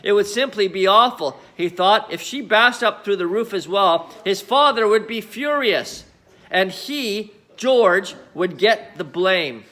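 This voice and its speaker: Man, storybook reader, high voice, very animated, expressive. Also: unhurried. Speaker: audiobook reader. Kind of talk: storybook reading.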